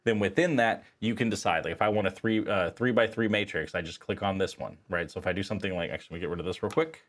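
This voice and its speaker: Lower-pitched male instructor, relaxed screen-tutorial delivery, chatty with filler words. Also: fast. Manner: casual, conversational with frequent fillers. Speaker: statistics instructor. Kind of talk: screen-recorded software tutorial.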